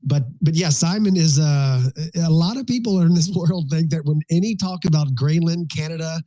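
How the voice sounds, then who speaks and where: Give me a man hosting a live panel, loose and joking, with a warm, dry sound. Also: on the high side, moderate pace, no echo. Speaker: host. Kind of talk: casual livestream panel talk.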